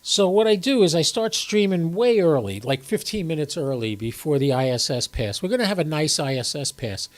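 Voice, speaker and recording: A man's voice: a little high, animated, a little fast, hardly any pauses. A man hosting an amateur radio live stream, talking casually in a chatty, joking, self-deprecating way.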